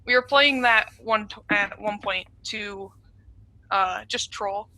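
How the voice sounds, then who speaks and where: A woman's voice: mid-range voice, slow, slight background noise. A young woman telling funny stories in a casual chat over a video call, laughing often. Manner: giggly, animated storyteller. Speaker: interview guest.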